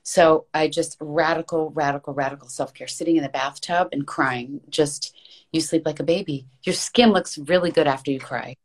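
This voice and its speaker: Woman podcast guest, low voice, earnest and emphatic, rambling with repeated words for stress. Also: normal speed. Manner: rambling, restarts mid-thought. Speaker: podcast guest, voice actress and coach. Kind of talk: casual conversational interview.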